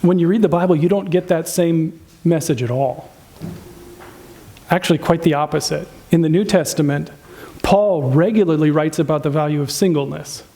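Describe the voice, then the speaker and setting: A man's voice: on the high side, normal speed, mellow. A man preaching a sermon on relationships in a conversational way, asking the congregation questions and acting out spouses' complaints in a raised voice. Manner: conversational, asks the audience questions. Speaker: pastor.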